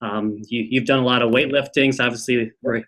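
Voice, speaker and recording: A man's voice: medium pitch, fairly even intonation, a little fast, a bit bright. Upbeat male podcast host. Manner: upbeat, encouraging. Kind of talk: casual interview. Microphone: remote call.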